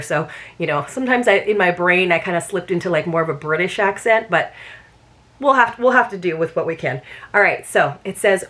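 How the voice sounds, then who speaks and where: A woman's voice: lowish voice, fairly bright tone. A woman reviewing a book subscription box in a casual, chatty unboxing video, rambling and circling back on herself as she talks.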